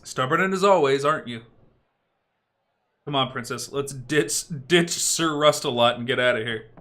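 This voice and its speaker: A man's voice: medium pitch, normal speed, a bit bright, close to an everyday voice. A man voicing a cocky young thief who talks in a casual, teasing way.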